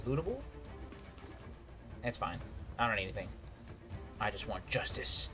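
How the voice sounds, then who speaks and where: A man's voice: lowish voice, measured pace, pauses often. A man giving casual, jokey let's play commentary, exclaiming at the action. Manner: excitable, jokey, yelps at hits. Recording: game music loud behind voice.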